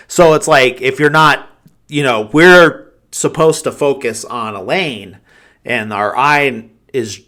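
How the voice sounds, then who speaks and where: A man hosting a podcast, recapping a film in a rambling, casual way, full of fillers and quick chuckles. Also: mid-range voice. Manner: rambling, heavy use of "like" and fillers; animated retelling of scenes, chuckling. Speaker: podcast host. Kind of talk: casual film review chat.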